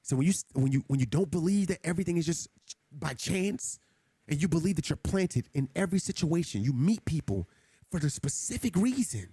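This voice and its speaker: A man's voice: on the high side, very animated, fairly quick, dark tone, husky, dry recording. A man streaming a game who talks casually to his chat in an earnest, preachy way, often repeating himself. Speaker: gaming streamer. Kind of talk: casual livestream talk to chat.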